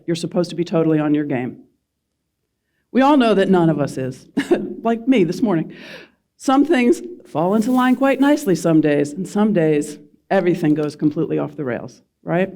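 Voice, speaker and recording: A woman's voice: lowish voice, a little mellow. A middle-aged woman from the Philadelphia suburbs giving a public speech to a live audience, joking at her own expense and asking the crowd questions. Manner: self-deprecating, quizzes the audience. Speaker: speaker at a community event.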